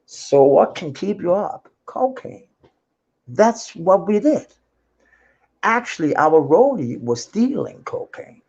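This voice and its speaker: A man's voice: sits high, big pitch swings, takes it slowly, a little mellow, slightly rough, dull audio. A Danish man speaking English with a Danish accent, chatting loosely and swearing on an unplanned livestream about his music life. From Denmark. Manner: rambling, swears freely, laughs often, many restarts. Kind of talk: unscheduled casual livestream chat.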